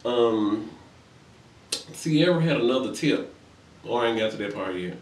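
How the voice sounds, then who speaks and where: A man giving a casual comedic recap of reality TV, sassy and profane, acting out the quotes in high voices. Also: expressive, measured pace, darkish tone, recorded from a distance. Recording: roomy echo, a bit off-mic.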